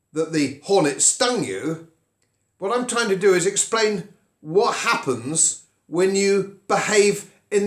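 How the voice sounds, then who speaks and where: An older man from England giving conversational commentary to camera, telling a wry story with animated delivery. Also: fairly high pitch, reverberant.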